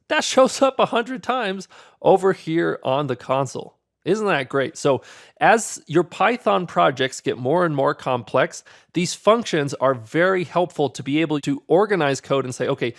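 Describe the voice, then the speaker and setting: A man's voice: on the high side, vocal fry. A man teaching a coding lesson in an upbeat, conversational way. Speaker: programming instructor. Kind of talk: screen-recorded coding tutorial.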